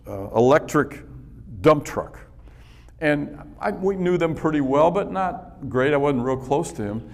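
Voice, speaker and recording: A man giving a motivational talk to a business audience, telling personal stories in a conversational way and chuckling often. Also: mid-range voice. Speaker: speaker addressing a business group. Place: business event venue.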